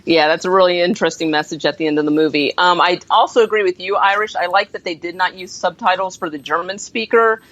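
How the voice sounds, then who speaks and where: A woman co-hosting a movie podcast, blunt and quick to laugh, with some swearing. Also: fairly low pitch, fairly bright tone, dry recording. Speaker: podcast co-host. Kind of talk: casual chat.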